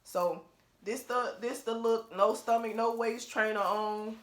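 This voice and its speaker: A woman's voice: a little high, fairly even intonation, a little slow, slight background noise. A woman talking to her phone camera at home in a casual vlog, blunt, profane and emphatic, laughing often. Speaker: vlogger.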